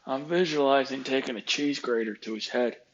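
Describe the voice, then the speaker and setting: A man's voice: medium pitch, normal speed, highs cut off. A man telling a work story as a casual, exasperated rant, acting out both sides of the conversations. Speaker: vlogger ranting about work.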